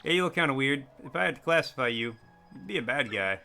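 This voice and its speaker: A man's voice: medium pitch, lively intonation, quick pace, pushed and bright, soft background music, pitched below the performer's own voice. A man voicing a suspicious male gate guard in a video game, speaking bluntly and dismissively.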